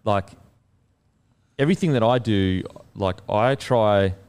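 Low-voiced podcast host. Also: male voice, takes it slowly, darkish tone, smooth. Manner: enthusiastic, swears freely, reacts with short interjections. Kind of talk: casual chat.

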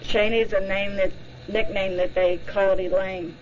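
A woman podcast host giving scripted narration in a slow, measured reading. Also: medium pitch, level tone, muffled recording, slight background noise.

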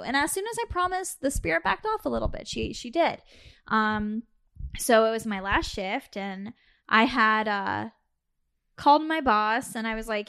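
A woman talks through a personal story on a podcast in a slightly high voice. She is animated, slips into the voices of the people she quotes, and laughs between lines. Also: measured pace, smooth. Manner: animated, acts out quoted dialogue, laughs often. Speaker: podcast co-host. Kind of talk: casual storytelling chat.

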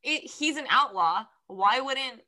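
A young woman co-hosting a casual book chat, talking fast with lots of fillers and frequent laughs. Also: sits high, animated, pushed and bright. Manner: chatty, filler-heavy, laughs often.

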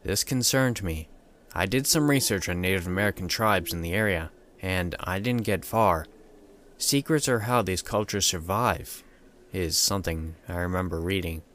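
A man narrating a first-person horror story in a steady, measured way. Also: low-pitched, a little hiss or hum.

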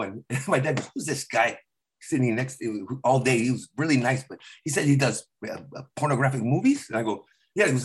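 Animated man telling stories. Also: mid-range voice. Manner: animated storyteller acting out his dad's lines. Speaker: comedian guest. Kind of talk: casual storytelling chat.

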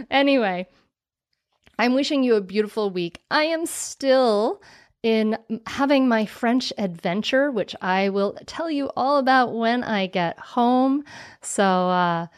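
A woman hosting a podcast, talking in a casual, earnest way with plenty of thanks and a warm, chatty manner. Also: a little high, expressive, takes it slowly, no room sound, studio quality. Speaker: podcast host.

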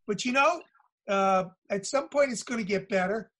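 High-voiced rambling middle-aged man host. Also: moderate pace, fairly bright tone. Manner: rambling, hesitant, full of fillers. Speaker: radio show host. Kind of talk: casual podcast chat.

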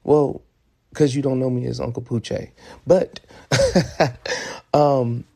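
A man's voice: medium pitch, level tone, moderate pace, creaky, warm tone. A young man hosting his own podcast, talking casually in a loose, profane way and often stumbling over repeated words. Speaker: podcast host. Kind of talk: casual solo podcast monologue.

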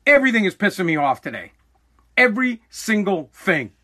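A forty-year-old man rants on his podcast with a raised, high-set voice and a sharp, bright edge. He swears freely and keeps tipping over into yelling, a dusty throat catching now and then, recorded in a home basement. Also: big pitch swings, brisk. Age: 40s. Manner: aggravated, swearing, bursts into yelling. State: throat irritated by dust, coughing. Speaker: podcast host. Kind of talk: angry profane rant.

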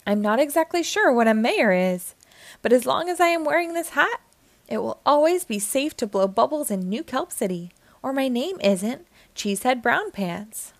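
Woman reading as a cheerful naive cartoon sponge guy, high excitable voice, storybook, dry close sound. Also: moderate pace, no echo. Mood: bright, eager.

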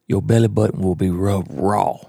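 A man's voice: sits low, steady tone, moderate pace, gravelly, mellow, husky, dry recording, clean studio sound. A man, telling a hunting story in a folksy, blunt, drawling way as a podcast host. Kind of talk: storytelling monologue.

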